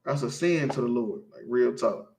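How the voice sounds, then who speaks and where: A man's voice: mid-range voice, moderate pace, gravelly, darkish tone, reverberant, a little hiss or hum. A man giving an informal sermon, teaching scripture emphatically and asking his listeners again and again if they follow him. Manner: emphatic, preachy, keeps asking "you feel me". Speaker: street preacher teaching scripture.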